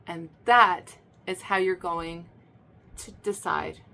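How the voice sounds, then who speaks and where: A woman's voice: on the low side, slow pace, creaky. Chatty woman doing a tarot reading. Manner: chatty, repeats herself, many fillers and restarts; emphatic, swings to loud excited bursts. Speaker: tarot reader. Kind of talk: casual spoken tarot reading.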